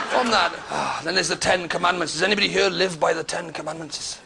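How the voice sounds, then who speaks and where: Welsh stand-up comic, very high and raspy, working a live crowd. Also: male voice, expressive, fairly quick, few pauses. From Wales. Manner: conversational, teasing the audience, sudden loud outbursts. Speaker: stand-up comedian. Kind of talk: stand-up comedy set. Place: comedy club stage before a live audience. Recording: noisy live club recording.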